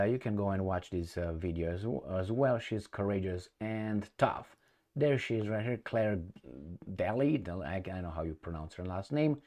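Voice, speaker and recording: A man's voice: on the low side, darkish tone. A man giving a rambling, opinionated commentary on news articles, often restarting and breaking into raised, emphatic bursts. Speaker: political commentator.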